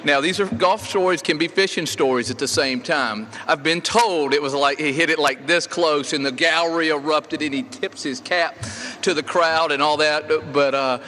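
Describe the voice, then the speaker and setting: A man's voice: fairly high pitch, moderate pace, pushed and bright, slight background noise. A middle-aged man, a golf coach giving a rambling, story-filled memorial tribute with many fillers and restarts. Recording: reverberant hall with faint ambience.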